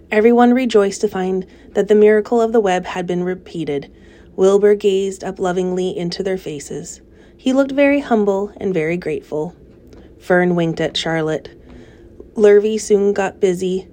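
A woman reading a children's novel aloud in a gentle, steady storytelling manner. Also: mid-range voice. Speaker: narrator.

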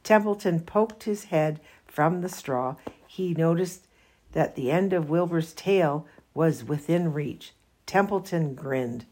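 A woman reading a children's novel aloud in a slow, careful manner. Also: deep voice, a little mellow, husky. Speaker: reader.

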